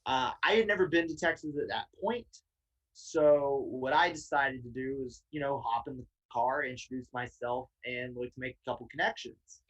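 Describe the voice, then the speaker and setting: A man from Tennessee, a guest wrestler, telling a casual, animated story with laughs and swearing. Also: medium pitch, moderate pace, lo-fi sound.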